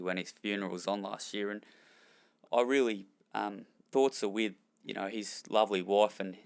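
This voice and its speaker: A man's voice: lowish voice, vocal fry, clean tone. Australian man telling stories candidly. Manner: rambling, self-deprecating, chuckles while telling stories. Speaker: former jockey and trainer, guest. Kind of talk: candid storytelling in a podcast interview.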